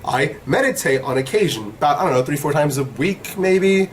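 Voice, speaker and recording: Young male vlog host, slightly high voice, rambling profane storyteller. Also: moderate pace, a little hiss or hum. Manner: profane, rambling, animated retelling. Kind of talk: casual storytelling.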